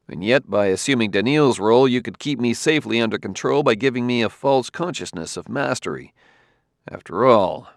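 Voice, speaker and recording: A man voicing a wary male detective who talks crisply and gives orders. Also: lowish voice, no echo, studio quality. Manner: sharp, giving crisp orders.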